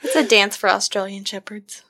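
A woman's voice: medium pitch, expressive, moderate pace, sharp tone. A woman in casual chat, offering tentative guesses during a word quiz. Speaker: quiz player.

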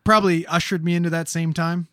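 A male co-host with a somewhat high voice trades crude jokes and nostalgic asides on a podcast. His mic sounds dry. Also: little pitch movement, fast talker, fairly bright tone, clean tone, no room sound. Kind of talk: casual podcast banter.

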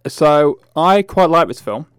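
Low-key man, hesitant podcast co-host. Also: animated, takes it slowly, clear, resonant tone, no room sound. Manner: hesitant, drifts into a low mumble. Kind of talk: casual film review chat.

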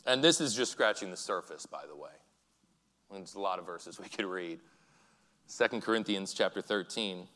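A man's voice: low voice, expressive, pushed and bright. Earnest preacher man in a reverberant church. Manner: earnest, halting, with repeated restarts. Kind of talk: sermon. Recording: church hall with long reverb.

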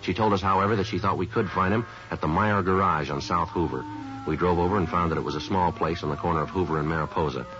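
A man's voice: sits low, fast, close to an everyday voice. An actor playing a terse police detective who narrates his case in a clipped, matter-of-fact way, in a 1950s radio crime drama. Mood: clipped report. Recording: lo-fi old radio recording with music.

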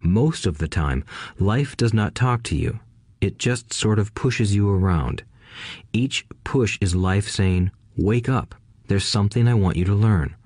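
A calm older businessman speaking quietly and without hurry, as a man reads him aloud. The voice sits low, and the recording is dry and close. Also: a little slow, dry recording. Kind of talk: audiobook character voice.

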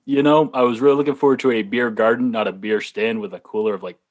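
A man's voice: mid-range voice, steady tone, fast. A man with a slight Boston accent chatting casually as a podcast guest, laughing through his stories. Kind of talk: casual chat.

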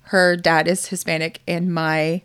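A woman's voice: lowish voice, flat delivery, unhurried, a bit bright, clean tone. Woman, middle-aged, podcast co-host, casual chat, blunt, laughs a lot. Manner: giggly, blunt, chatty.

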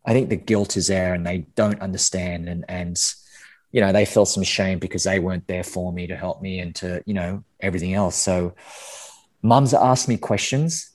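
A man's voice: sits low, steady tone, moderate pace, a little mellow. A man speaking candidly as a podcast guest, often restarting and repeating words, with casual swearing. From Australia. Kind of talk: candid interview conversation.

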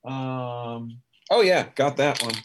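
A man's voice: medium pitch, takes it slowly, noisy background. Hesitant man playing a tabletop game. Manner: hesitant, self-correcting. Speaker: player. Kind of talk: casual tabletop play.

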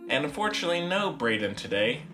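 A young man hosting a casual film podcast, talking with a relaxed, dry understatement. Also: on the high side, quick pace, distant mic, music in the background. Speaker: podcast host. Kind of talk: casual chat. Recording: roomy echo, voice set back from the mic.

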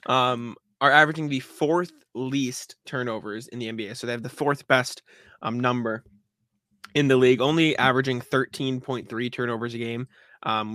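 A man co-hosting a casual sports podcast, breaking down game stats in a loose, conversational way with frequent throat-clearing. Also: medium pitch, pushed and bright, no room sound. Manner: conversational, uses fillers and laughs, clears throat often. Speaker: podcast co-host.

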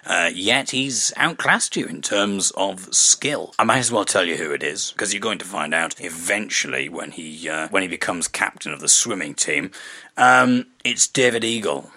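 A man's voice: low voice, expressive, full character voice. A man putting on the voice of a stern older male school teacher, breaking bad news in a solemn, patronising way. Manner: solemn, mock-gentle, drawn-out.

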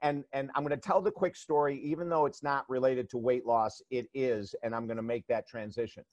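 A man's voice: medium pitch, fairly quick, no echo. Guy life coach telling stories in an interview, punchy and emphatic, dry close sound. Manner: energetic, emphatic, repeats words when starting sentences. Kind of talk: interview storytelling.

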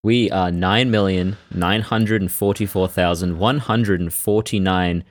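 A man co-hosting a comedy podcast, trading dry, deadpan quips in casual chat. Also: low-pitched, unhurried. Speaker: podcast co-host.

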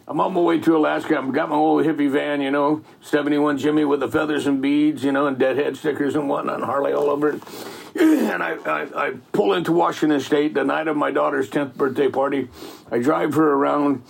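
A man's voice: fairly high pitch, fairly even intonation, fairly quick, creaky, breathy edge. A middle-aged man telling faith stories in a rambling, folksy way, full of "man" and "you know". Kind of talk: casual faith storytelling.

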